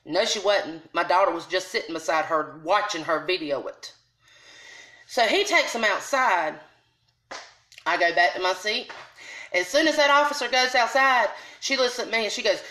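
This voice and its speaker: Woman, middle-aged, angry storytime rant, blunt, high bright voice, echoey room. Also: lively intonation, moderate pace. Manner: heated, blunt, Southern US dialect grammar. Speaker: vlogger.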